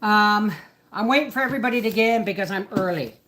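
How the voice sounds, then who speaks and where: Speaking fast in a medium-pitched, slightly bright voice, a woman hosts a casual homesteading livestream while cooking at home; a faint hiss or hum is audible. She rambles chattily and keeps cutting herself off mid-thought.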